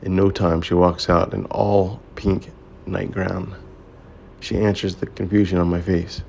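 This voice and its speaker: A man reading a romance story aloud as its narrator, in a steady, measured way. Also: low-pitched, gravelly, dull audio, a little hiss or hum. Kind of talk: scripted audiobook narration.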